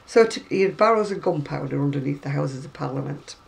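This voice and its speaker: A woman's voice: deep voice, lively intonation, fast, vocal fry, low-quality recording. A British woman chatting casually at home while showing crochet magazines, rambling with wry asides. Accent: British English. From Britain. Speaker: crochet vlogger.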